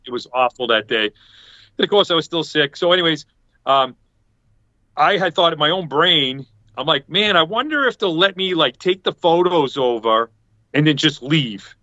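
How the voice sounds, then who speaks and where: A man's voice: a little high, lively intonation, moderate pace, pushed and bright, no echo. A man telling a rambling story in a casual chat over a video call, acting out what other people said. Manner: rambling, acts out quoted people. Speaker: podcast panelist. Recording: dull lo-fi video call audio.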